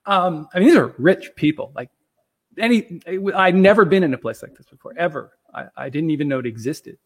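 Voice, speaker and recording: A man with a somewhat high-pitched voice tells a long personal story in a loose, chatty way. He rambles, fills the gaps with "like" and "you know", and chuckles now and then. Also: lively intonation, a little fast. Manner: rambling, filler-heavy, chuckling.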